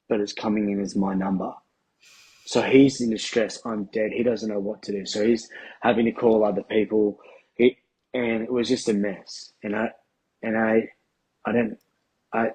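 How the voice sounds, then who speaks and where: A man, a podcast guest telling a candid personal story in a casual, halting way with restarts and swearing. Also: on the low side, darkish tone, slightly rough, rough recording. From Australia.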